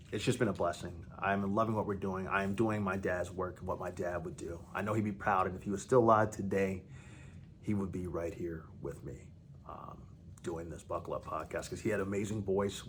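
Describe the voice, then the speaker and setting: A man hosting a podcast, giving a heartfelt spoken tribute in a halting, emotional way with many restarts. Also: deep voice, steady tone, a little hiss or hum. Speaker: podcast host.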